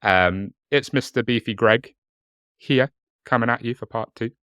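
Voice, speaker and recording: A man's voice: medium pitch, a little slow, fairly bright tone, clear, resonant tone, no echo, clean studio sound. A man with a southern English accent co-hosting a podcast in casual chat, joking and laughing often. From England. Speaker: podcast co-host.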